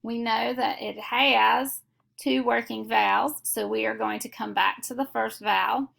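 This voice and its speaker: A woman teaching a phonics lesson, explaining each step slowly and methodically. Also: a little high, steady tone, creaky, a bit bright. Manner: slow, deliberate, methodical explanation.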